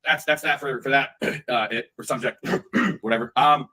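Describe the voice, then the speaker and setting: A man's voice: medium pitch, moderate pace, sharp tone, poor audio. A man streaming live, ranting heatedly in profane language and often repeating himself.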